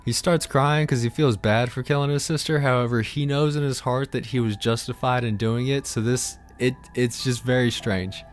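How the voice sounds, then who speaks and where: A man hosting a comedic lore explainer, irreverent, profane and full of slang. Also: medium pitch. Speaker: host of a lore-explainer channel.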